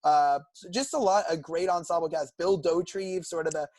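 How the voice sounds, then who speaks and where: A young man with a fairly high voice, recorded dry and close. He chats casually as a podcast co-host, eagerly walking through episodes and favorite characters at length. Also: fairly quick, darkish tone, no echo. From California. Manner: enthusiastic, recounts plots at length. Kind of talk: casual chat.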